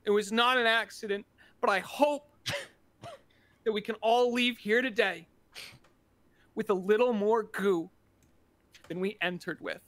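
A man's voice: sits high, slow pace, long pauses, a bit bright, dry recording. A man speaking in a theatrical, mock-grieving tone as he delivers a comedic eulogy in a game roleplay over voice chat. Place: online voice chat during a game.

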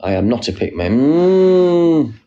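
A man's voice: lowish voice, very animated, moderate pace, vocal fry, a little mellow, highs cut off. A man chatting casually on a live stream, reading out viewers' comments and answering them. He sits outdoors on a wall and talks into a phone.

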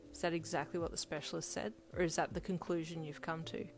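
A woman's voice: sits low, flat delivery, quick pace, faint music behind. A woman voicing a blunt teenage boy who talks curtly and commandingly, in a storybook reading. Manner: curt and commanding.

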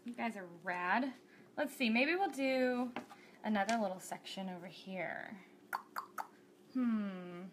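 A woman's voice: medium pitch, slow, pauses often, noisy background. A woman hosting a cake decorating tutorial livestream, bubbly and chatty, thinking aloud as she works.

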